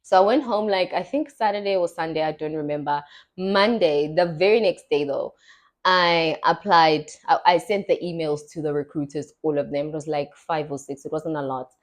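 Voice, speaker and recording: A woman's voice: sits low, normal speed. Chatty young woman. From South Africa. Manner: chatty storytelling, acts out quoted voices. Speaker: podcast host. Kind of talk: casual chat.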